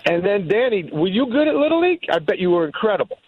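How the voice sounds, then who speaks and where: This guest, a middle-aged New Englander, has a high-pitched voice and talks quickly over lo-fi audio with no echo. Chatting casually, he spins lively stories and mimics how his parents talk.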